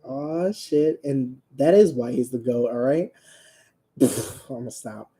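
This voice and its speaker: Man, unhurried casual chat, warm low-key voice. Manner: rambling, laughing, talks to his cat. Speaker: creator presenting his original characters. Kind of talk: casual rambling chat to viewers.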